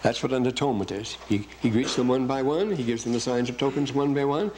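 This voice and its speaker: A man giving an unscripted lecture on scripture, often losing his place, correcting himself and reading verses aloud with slow emphasis. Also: mid-range voice, darkish tone, a little hiss or hum, low-quality recording.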